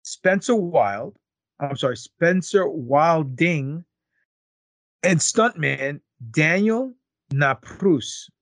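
A man's voice: mid-range voice, no echo. A man co-hosting a casual podcast, rambling and joking with plenty of fillers. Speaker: podcast co-host.

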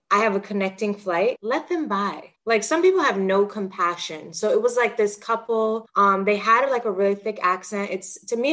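A woman's voice: medium pitch, a bit bright. A young adult woman co-hosting a podcast, telling stories in casual chat with lots of filler words. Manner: chatty storyteller, lots of "like" fillers. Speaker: podcast co-host.

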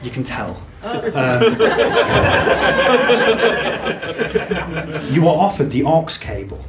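Guy running a quiz on stage, deadpan, bouncy voice, echoey room with loud music. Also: on the high side, extremely slow, a loud crowd. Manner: deadpan, mock-apologetic quizmaster. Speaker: comedy show host. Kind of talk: hosting an audience quiz. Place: live venue.

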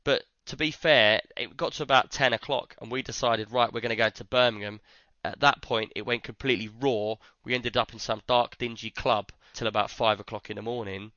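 A man's voice: medium pitch, brisk, few pauses, no echo, lo-fi sound. A man, chatting casually on a podcast and acting out the lines of people in his stories. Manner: animated storyteller, acts out others' lines. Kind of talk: casual chat.

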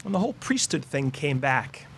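A man's voice: medium pitch, big pitch swings, normal speed, slight background noise. A Catholic priest in his fifties giving a sermon in a casual, conversational storytelling way, full of fillers and asides. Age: 50s.

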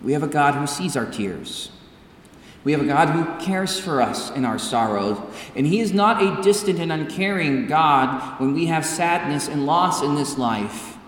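A man preaches a sermon with measured, emphatic pacing, leaning into pauses. His voice sits a little high. The recording is roomy and distant, with long church reverb. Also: animated, slight background noise. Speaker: pastor. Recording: echoey church hall from far off.

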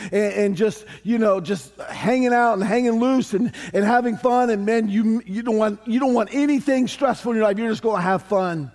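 Preaching to his congregation, a middle-aged pastor with a high voice stays animated and conversational, tossing in jokes and humorous asides along the way.

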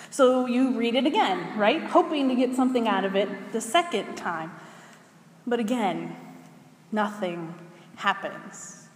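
A woman preacher reading scripture aloud and then preaching in a measured way, asking her listeners questions. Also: fairly high pitch. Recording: echoey hall with long reverb.

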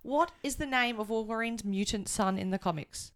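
A woman's voice: fairly high pitch, normal speed, a bit bright. A woman co-hosting a podcast, chatting casually and giggling often as she runs a quiz. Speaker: podcast co-host.

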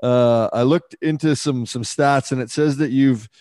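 A man's voice: mid-range voice, unhurried, dark tone, no room sound, clean studio sound. A man hosting a podcast, casual and agreeable, swearing freely. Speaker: podcast host.

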